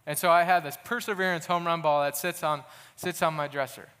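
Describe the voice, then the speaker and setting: An earnest young man preaches in a relaxed, conversational way, slipping into personal stories with frequent restarts. His voice sits a little higher than most men's. A long hall reverb trails behind his words. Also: fairly quick, clean tone. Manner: earnest, casual, with restarts and storytelling. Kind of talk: sermon.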